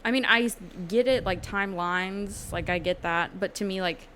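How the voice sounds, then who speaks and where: A chatty young woman co-hosting a podcast, laughing easily and drifting into silly mock voices as she talks. Her voice sits at an everyday middle pitch. A faint hiss of noise runs under the recording. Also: moderate pace, a bit bright. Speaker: podcast co-host. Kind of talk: casual chat.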